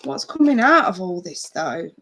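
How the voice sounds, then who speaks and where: A woman's voice: lowish voice, very animated, moderate pace, vocal fry, a bit bright. A woman giving live tarot readings to her viewers in a chatty, blunt way, swearing casually. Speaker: tarot reader.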